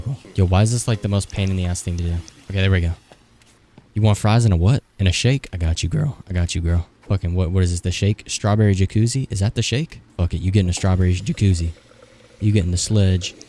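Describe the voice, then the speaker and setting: A young man in his twenties narrates his gameplay in a frantic, joking rush, cursing as he scrambles. His voice is very low and mellow. A faint hiss of noise sits behind him. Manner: frantic, swearing, joking to himself. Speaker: gaming streamer. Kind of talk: casual gameplay commentary.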